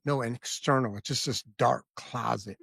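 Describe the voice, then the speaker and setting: A man's voice: mid-range voice, normal speed, gravelly, fairly bright tone, slightly rough, dry recording. Blunt man telling his story, dry sound. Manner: blunt, vivid storyteller, often stopping to check the listener. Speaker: podcast guest. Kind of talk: candid personal storytelling.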